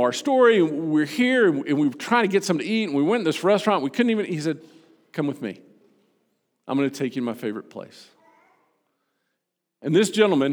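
A man preaching a sermon, telling a personal story with animated delivery that drops soft and slow on key points. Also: on the high side, long reverb tail. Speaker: pastor.

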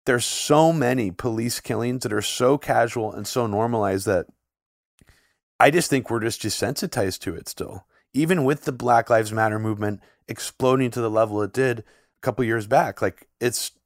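A man's voice: mid-range voice, moderate pace, dry recording. Man chatting on a podcast, dry mic. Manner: talks in long runs with frequent "like" fillers, animated when shocked. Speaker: podcast co-host. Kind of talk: casual conversational podcast chat.

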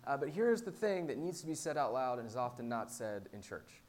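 A man's voice: medium pitch, big pitch swings, brisk, darkish tone. Man, pastor, sermon, conversational, wry, talks straight to the congregation.

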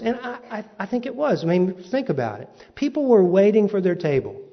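A man preaching, telling a humorous personal story with lively comic timing. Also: sits high, brisk, few pauses. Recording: dull recording in a reverberant hall.

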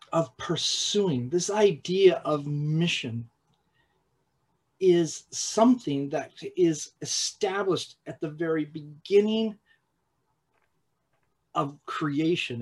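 A man preaching a sermon in a halting way, with repeated words and restarts, at times dropping to a hushed, slow voice for emphasis. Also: fairly high pitch, breathy edge, low-quality recording. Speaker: pastor.

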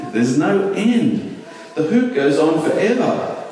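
A man giving a children's talk in church, asking questions and telling the story with lively energy. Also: on the high side, slow pace, faint music behind. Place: large church hall. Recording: echoey hall, mic at a distance.

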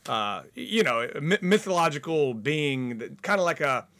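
This man's voice is on the high side and moves at a moderate pace. He's a guest in a radio studio, casually telling stories, cursing a lot and playing the characters as an animated, profane raconteur.

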